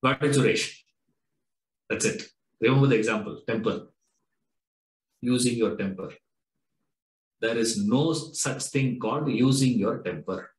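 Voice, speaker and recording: A man's voice: mid-range voice, measured pace, long pauses. A man with an Indian English accent teaching a Vedanta class, posing rhetorical questions and pressing students with "no?" and "huh?". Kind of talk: classroom lecture. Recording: echoey lecture room.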